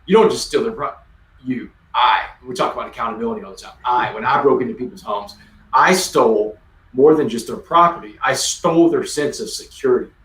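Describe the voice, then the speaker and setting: A man's voice: mid-range voice, brisk, fairly bright tone, roomy sound. Man in his forties, emphatic storyteller, video-call audio from a distance. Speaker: guest speaker. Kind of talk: conversational storytelling.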